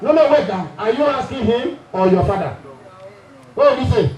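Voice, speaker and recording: A middle-aged man with a Nigerian accent and a very high-pitched, expressive voice shares comic family anecdotes at a reunion at a moderate pace. He laughs as he teases his listeners, and crowd noise fills the rough recording.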